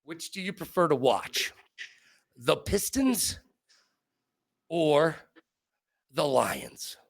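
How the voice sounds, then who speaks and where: A man's voice: on the high side, extremely slow, gravelly. A man in his forties hosting an interview, joking and playful in casual chat. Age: 40s. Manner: joking, animated, playful asides. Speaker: host.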